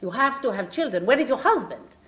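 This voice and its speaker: A woman's voice: low voice, animated, a little fast, a little mellow, far from the mic, voice pushed down. A woman doing a pompous, bossy sheikh. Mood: insistent. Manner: pompous, lecturing, repeats commands. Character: imperious male Arab sheikh, blunt and insistent.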